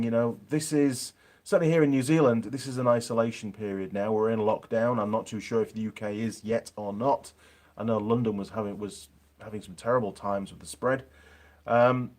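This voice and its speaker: A man's voice: on the low side, darkish tone. A man with a Yorkshire accent chatting casually on a live stream from his home workshop, reading out viewer comments with plenty of ums.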